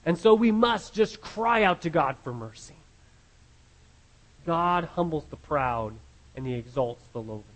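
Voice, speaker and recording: A man's voice: fairly high pitch, lively intonation, measured pace, long pauses, rough recording. A man preaching a sermon as pastor, earnest and often repeating words as he restarts his phrases.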